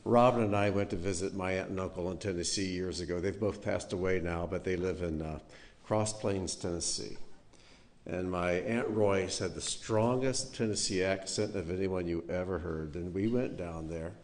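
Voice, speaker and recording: A pastor telling a folksy story with chuckles, then leading a prayer. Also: male voice, sits low, normal speed, a little mellow.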